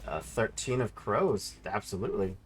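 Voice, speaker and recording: A man running a tabletop game as game master, calling out card flips and describing combat damage in a relaxed way. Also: fairly low pitch, moderate pace, a little hiss or hum.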